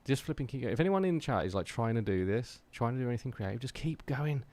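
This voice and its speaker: A man's voice: medium pitch, expressive, quick pace, a little mellow. A man with an English accent chatting casually on a live stream, telling stories to his chat and urging viewers to keep going with their creative goals. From England. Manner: rambling, earnest and motivational, many fillers.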